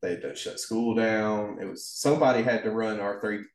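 A man's voice: lowish voice, steady tone, moderate pace. Laid-back man, distant and roomy. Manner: laid-back, rambling, laughs easily. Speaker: podcast co-host. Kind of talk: casual podcast chat.

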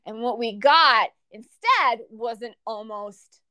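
A woman's voice: fairly high pitch, expressive, slow pace, sharp tone, dry recording. A young woman co-hosting a podcast, chatting casually and animatedly, with lots of laughter and filler words. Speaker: podcast co-host. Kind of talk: casual chat.

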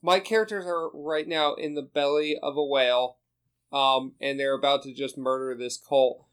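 A man's voice: mid-range voice, steady tone, moderate pace, fairly bright tone, smooth. A man chatting casually in a group, rambling and laughing as he talks about running tabletop games. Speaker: podcast co-host, dungeon master.

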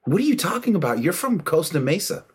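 A man's voice: a little high, sing-song, quick pace, breathy edge. A man giving an impassioned, preachy monologue about martial arts, emphatic and full of slang.

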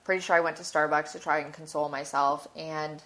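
Candid female podcast host, lowish voice, confessional storytelling, swears freely. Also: steady tone, fairly quick, a bit bright. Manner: candid, emotional, swears casually. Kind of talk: personal storytelling monologue.

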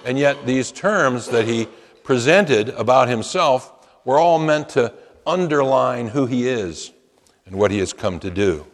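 A pastor preaches a sermon from the pulpit in a medium-pitched, animated voice, keeping an unhurried, measured pace. His delivery is emphatic, swelling into chanted quotations before settling back down. The long reverb of a large hall carries the sound.

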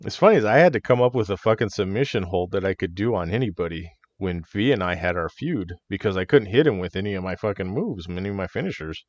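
A man's voice: sits low, lively intonation, fast, few pauses, a little mellow, dry recording. A man co-hosting a podcast, telling locker-room stories in casual chat, laughing often and swearing freely. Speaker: podcast co-host, wrestler. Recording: dull, muffled audio.

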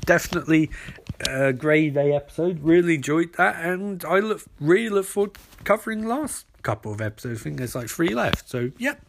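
A man's voice: on the high side, expressive, fairly quick, creaky, slight background noise. A man reviewing a TV episode in a casual vlog. He rambles, repeats himself and fills his talk with "like" and "um". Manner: rambling, filler-heavy, repetitive.

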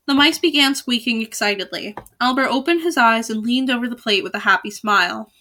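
Reading a children's novel aloud, a young woman uses a bright, clear, slightly high voice and breaks into casual, joking asides between passages. She moves briskly with few pauses.

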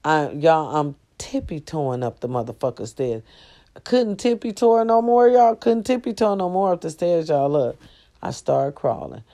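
A woman sitting on her bed, in pain, telling a profane, animated story straight to her viewers. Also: sits low, unhurried. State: sore, in pain. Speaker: vlogger. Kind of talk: casual storytelling vlog.

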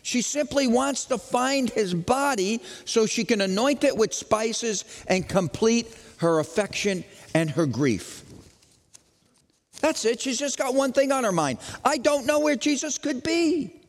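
A man preaching an Easter sermon as pastor, dramatic, moving from loud questions to hushed lines. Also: very high-pitched, lively intonation, measured pace, big-room sound.

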